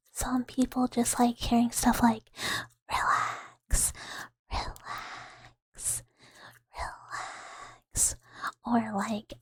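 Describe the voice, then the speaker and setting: A woman hosting a whispered ASMR livestream, giggly and playful, repeating words as triggers in a breathy whisper close to the mic. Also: on the high side, a little mellow, dry recording. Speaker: ASMR streamer.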